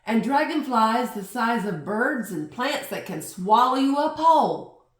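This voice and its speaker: A woman's voice: a little high, lively intonation, a little slow, recorded from a distance, voice pushed up. A woman voicing a playful, teasing old grandmother in a storybook read-aloud. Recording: roomy echo.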